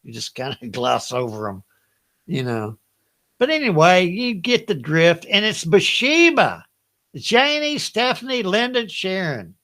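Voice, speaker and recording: Older Southern US man, high bright voice, unhurried, folksy trivia host who laughs often. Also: sing-song. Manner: chatty, folksy, laughs often, reads each question twice. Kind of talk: hosting a live Bible trivia game.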